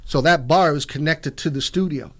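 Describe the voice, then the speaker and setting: A middle-aged man from Toronto, a musician telling rambling stories as a guest in a casual interview. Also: a little high. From Toronto, Canada. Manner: rapid, rambling storytelling with many restarts.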